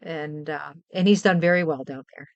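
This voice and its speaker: A woman's voice: deep voice, normal speed, creaky, dry recording, dull audio. A middle-aged woman from Western New York, chatting casually and heartfeltly with her stream viewers, rambling and repeating herself. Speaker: livestream host.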